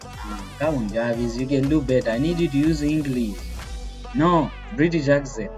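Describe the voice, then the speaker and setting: A man's voice: medium pitch, normal speed, a little mellow, soft background music. A young man chatting casually with his voice assistant, hesitant and rambling with lots of fillers. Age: young adult. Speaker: tech video creator.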